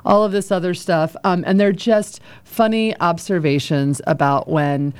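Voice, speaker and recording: A woman's voice: on the low side, steady tone, normal speed, a little mellow, clean tone, no room sound. A woman from a public library, a guest on a radio show, chatting casually as she recommends books. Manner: chatty, laughs easily. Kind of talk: casual on-air book recommendations. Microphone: studio microphone.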